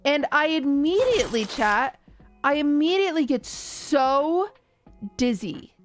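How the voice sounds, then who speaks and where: A woman's voice: high-pitched, a little slow, faint music behind. Chatty young woman telling a story. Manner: animated storytelling, acting out other people's lines. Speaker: streamer. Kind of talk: casual chat to stream viewers.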